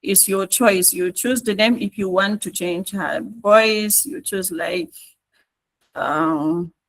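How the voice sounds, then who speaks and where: A rough recording captures a Nigerian-accented trainer narrating an online tutorial step by step, with a medium-pitched, fairly bright voice and an unhurried pace. The trainer coaxes and repeats, pausing often to make sure the class is on track.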